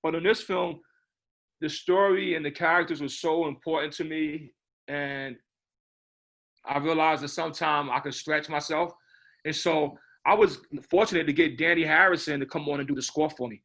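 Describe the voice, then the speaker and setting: A man speaks as a film director in a loose, rambling interview, circling back and repeating himself. His voice is bright and sits fairly high. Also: fairly even intonation, normal speed, gravelly. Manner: rambling, repeats words, says "you know what I mean". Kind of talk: casual interview talk.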